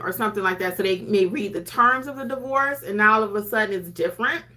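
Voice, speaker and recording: Bright and forceful in a mid-range voice, she's a notary educator with a YouTube show, giving chatty, informal instruction to camera and voicing her clients' words herself.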